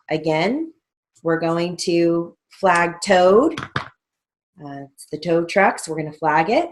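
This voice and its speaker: Middle-aged female stenography instructor; low-set voice, very slow, methodical dictation with letter-by-letter spelling. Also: lively intonation. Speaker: stenography teacher. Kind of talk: recorded theory lesson.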